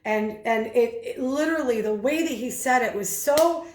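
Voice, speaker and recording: A woman's voice: on the high side, normal speed, roomy sound. A woman speaking coach giving an analytical video commentary, explaining and acting out the vocal emphasis she describes.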